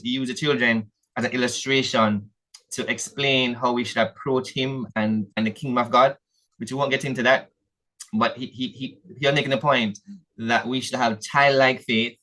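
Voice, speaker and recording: A man's voice: mid-range voice, pushed and bright, poor audio. Earnest Jamaican man preaching a sermon. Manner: earnest, addresses listeners as family, frequent restarts. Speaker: church elder preaching. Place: church meeting hall.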